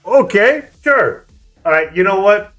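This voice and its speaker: A man's voice: high-pitched, animated, unhurried, a bit bright, voice pushed up. A man voicing a skeptical male state trooper in a spoken anecdote, teasing and drawling with amused disbelief.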